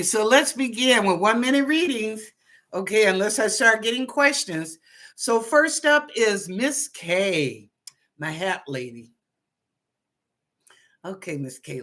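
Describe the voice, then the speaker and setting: A woman with a medium-pitched, fairly bright voice hosts a live psychic reading stream. She's a psychic reader who chats casually and greets her viewers by name, one after another.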